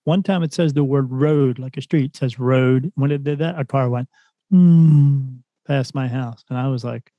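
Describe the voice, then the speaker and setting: As a podcast guest, a spirit medium casually recounts events in an animated way, voicing the lines of the people involved. He speaks at a moderate pace in a mid-range voice, and the recording is dry with the highs cut off.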